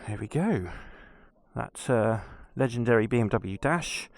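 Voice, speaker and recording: A man with an English accent riding a motorbike and chatting to camera in a relaxed, self-deprecating way. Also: mid-range voice, a little slow, gravelly, no echo, clean studio sound. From England. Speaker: motorcycle vlogger. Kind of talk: casual vlog commentary. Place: outdoors, on a motorbike on country roads. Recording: noisy outdoor motorbike recording.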